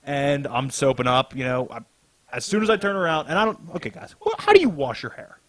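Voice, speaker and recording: A man's voice: on the high side, sing-song, a little fast, no room sound. A young man hosting a podcast, telling a story in casual chat, swearing a lot and laughing as he goes. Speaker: podcast host.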